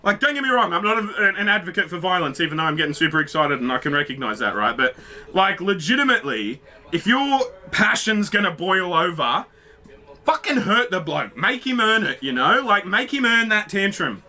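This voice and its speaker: Guy, reaction host: high, sharp, excitable, swears a lot. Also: fairly quick. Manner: excitable, swears freely, talks to the screen. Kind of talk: casual reaction commentary.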